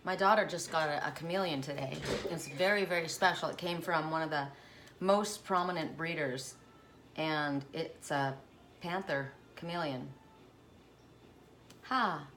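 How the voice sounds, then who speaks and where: A woman's voice: deep voice, unhurried, fairly bright tone, a little hiss or hum. A woman giving a spiritual oracle card reading, musing aloud with coughs and asides, choked up at times.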